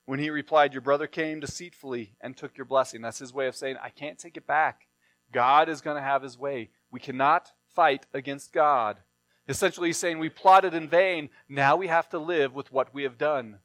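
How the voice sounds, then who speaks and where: A man's voice: mid-range voice, fairly even intonation, normal speed, a bit bright, no echo. A man reading a Bible passage aloud and then explaining it in a plain sermon style. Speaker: preacher.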